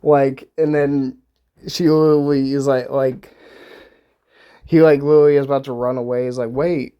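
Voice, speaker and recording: A man's voice: medium pitch, flat delivery, normal speed, clear, resonant tone, lo-fi sound. A young man giving casual, rambling commentary on a movie, swearing freely, laughing often and restarting his sentences.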